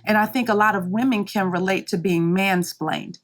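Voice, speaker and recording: A woman's voice: medium pitch, moderate pace. A woman guest speaking candidly and emphatically, acting out other people's lines in raised voices as she tells a work story. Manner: animated, acts out quotes in raised voices; emphatic, frequent "right?" and "you know". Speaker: podcast guest, marketing leader.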